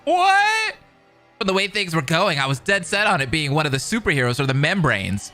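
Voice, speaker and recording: A man's voice: fairly high pitch, lively intonation, fast talker, sharp tone, soft background music. A man giving casual reaction commentary on a fan game, laughing often and blurting out half-swallowed swears. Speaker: reaction video host.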